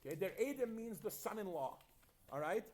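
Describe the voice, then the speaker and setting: High voiced guy teaching a classroom, upbeat, keeps quizzing the students. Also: fairly quick. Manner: lively, quizzes the class and mixes in Yiddish phrases. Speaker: Yiddish teacher. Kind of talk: classroom lesson.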